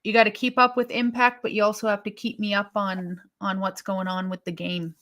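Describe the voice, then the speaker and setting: A woman's voice: medium pitch, little pitch movement, brisk, fairly bright tone. A woman co-hosting a wrestling live stream, chatting casually and thinking aloud with sighs and restarts as she reacts to viewer comments.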